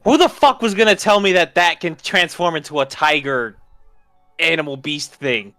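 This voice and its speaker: A man's voice: fairly high pitch, moderate pace, pushed and bright, no echo, faint music behind. A man voicing an indignant male adventurer who talks in an exasperated, accusing way.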